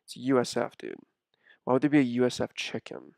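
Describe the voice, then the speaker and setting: A man's voice: medium pitch, steady tone, fast, vocal fry, darkish tone, no echo, studio quality. A man streaming from a room at home, talking in a rambling, stammering, mock-indignant way. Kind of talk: casual comedic stream chat.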